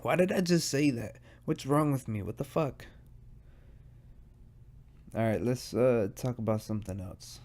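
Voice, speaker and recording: A man's voice: mid-range voice, unhurried, long pauses, a little mellow. A stoned man hosting his solo podcast, rambling, swearing and mocking himself as he goes. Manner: rambling, profane and self-mocking. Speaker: podcast host. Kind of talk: casual solo podcast monologue.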